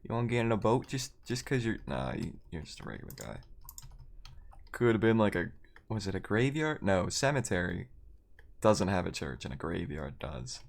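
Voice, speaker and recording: A man in casual live-stream chat, talking to his viewers as he plays. He rambles and makes fun of himself, in a voice that sits a little low. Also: sing-song, normal speed, creaky. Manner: rambling, self-deprecating, chatty with viewers.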